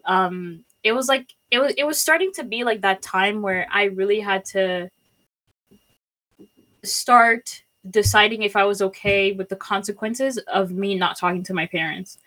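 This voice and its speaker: A woman's voice: medium pitch, unhurried, bright, forceful tone. A young woman telling a personal story in casual chat, rambling with lots of fillers and acting out quotes. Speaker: storyteller guest.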